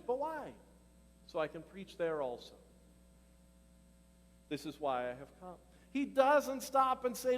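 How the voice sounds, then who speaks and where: A male pastor preaching a sermon in a lively, conversational way, asking the congregation questions and laughing as he goes. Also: sits high, slow, pauses often, big-room sound. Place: church hall.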